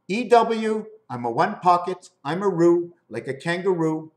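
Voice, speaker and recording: A man in a rambling monologue, riffing on words and spelling out letters in an animated, sing-song way. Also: sits high, a little slow. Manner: free-associating wordplay, spelling out letters.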